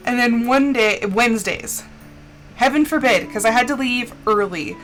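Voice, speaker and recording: A young woman streaming a game, telling stories in a casual, animated way and acting out quotes. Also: normal speed, a little hiss or hum, low-quality recording. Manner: animated storyteller, acts out quotes with big pitch jumps. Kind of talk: casual chat while gaming. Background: faint game music.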